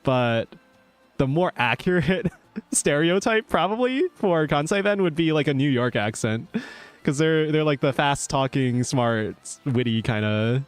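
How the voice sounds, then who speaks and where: A man's voice: on the high side, animated, a little slow, clean tone, faint music behind. A male VTuber chatting casually while streaming a game, rambling with lots of fillers and easy laughs. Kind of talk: casual gaming stream chat.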